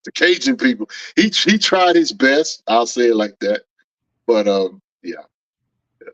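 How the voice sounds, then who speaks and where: A man's voice: medium pitch, sing-song, unhurried, dry recording. Repetitive-talking man on a dull mic. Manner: repeats himself while building a point. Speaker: podcast co-host. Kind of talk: casual chat.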